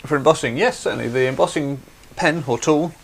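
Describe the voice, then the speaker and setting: A man's voice: on the high side, brisk, creaky, husky. A man hosting a craft livestream, chatty and explaining things step by step. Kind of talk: casual demonstration.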